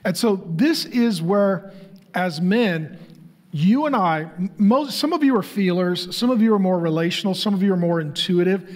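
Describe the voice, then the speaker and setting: A man's voice: high voice, moderate pace, a little mellow. A middle-aged man, a pastor, preaching a conversational sermon that keeps throwing rhetorical questions at the crowd.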